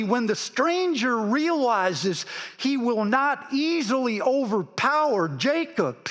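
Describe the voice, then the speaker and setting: A male pastor telling a story in a sermon, dropping to a hush and then swelling for emphasis. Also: high-pitched. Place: church sanctuary. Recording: long reverb of a church sanctuary.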